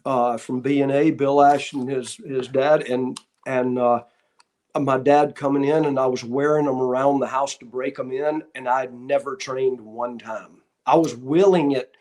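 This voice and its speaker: A man's voice: medium pitch, unhurried. A man from the Florida Panhandle, a guest who tells casual stories about his start in wrestling and acts out what other people said. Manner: animated anecdotes, acting out what others said. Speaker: guest, former wrestler and referee. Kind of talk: casual storytelling.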